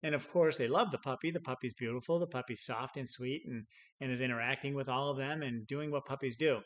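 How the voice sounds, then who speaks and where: A middle-aged man explains sales tactics off the cuff, at an ordinary pitch for a man. He tells stories and acts out the people in them. He stumbles and repeats words as he goes. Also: a little fast, a bit bright. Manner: storytelling with acted-out quotes and chuckles; many restarts and repeated words. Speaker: sales trainer. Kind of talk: unscripted teaching talk.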